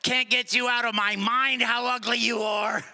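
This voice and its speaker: A man voicing a rude male parrot that shouts insults at a customer, in a live stand-up set. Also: extremely high pitch, level tone, moderate pace, voice pushed up, exaggerated voice. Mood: mocking. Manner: loud, mocking, shouting insults. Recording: live venue with long reverb.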